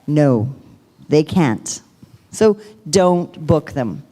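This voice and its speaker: A woman on a video call, showing trainees the upbeat pitch she uses for booking. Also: lively intonation, very slow, dark tone. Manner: upbeat, demonstrates scripts. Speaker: sales trainer. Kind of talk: role-played sales pitch.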